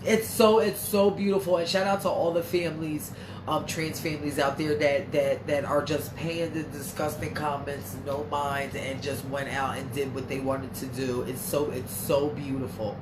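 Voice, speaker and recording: A woman's voice: deep voice, flat delivery, moderate pace, noisy background. A woman hosting a casual livestream, brash and chatty, swearing freely and reading out viewer comments, her nose a bit stuffy. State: stuffy, congested. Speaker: livestream host. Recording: echoey room.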